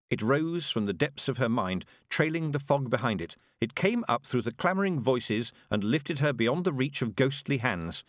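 A man reading a story aloud in a measured, expressive way as its narrator. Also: mid-range voice, dry recording, studio quality. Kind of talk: audiobook narration.

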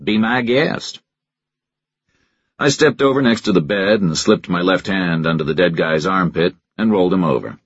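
A man narrating a first-person crime story in a measured, deadpan way. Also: low voice, breathy edge, no room sound, lo-fi sound. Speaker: audiobook narrator.

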